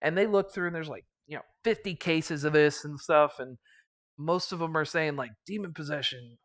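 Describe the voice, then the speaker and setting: A man's voice: a little high, moderate pace, a bit bright. A man casually recapping a tabletop campaign as its game master, rambling with lots of fillers and chuckles.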